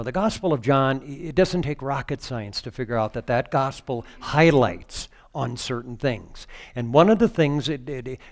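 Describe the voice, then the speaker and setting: A man preaching a sermon as pastor, moving from conversational teaching with fillers to fervent, rising exclamations. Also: fairly high pitch.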